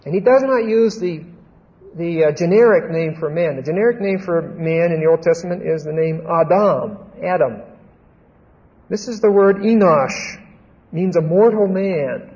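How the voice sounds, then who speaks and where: A man's voice: fairly high pitch, normal speed, darkish tone. A man preaching a Bible teaching sermon, speaking conversationally and with emphasis, often checking in with his listeners. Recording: dull lo-fi recording with long hall reverb.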